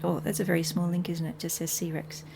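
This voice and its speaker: A woman's voice: lowish voice, little pitch movement, fast talker, vocal fry, noisy background. A middle-aged woman reading Latin scripture aloud and translating it line by line in a casual home lesson, thinking aloud as she goes. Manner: thinks aloud, chuckles at own slips.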